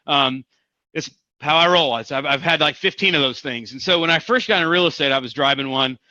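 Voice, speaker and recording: Male real estate coach from Missouri, punchy motivational delivery, bright tone, dry lo-fi sound. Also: on the high side, fairly quick, dry recording. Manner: energetic, emphatic, repeats for punch. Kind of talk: motivational seminar talk.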